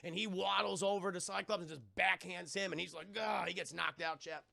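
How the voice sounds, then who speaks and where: A young man casually recapping a cartoon on a live stream, rambling excitedly and chatting to viewers. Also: sits high, brisk, vocal fry, dry recording.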